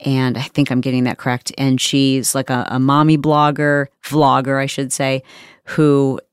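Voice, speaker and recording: Woman doing her podcast, low voice, frank and emphatic, dry close sound. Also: flat delivery, normal speed, clean tone, dry recording. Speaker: podcast host. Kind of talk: candid podcast monologue.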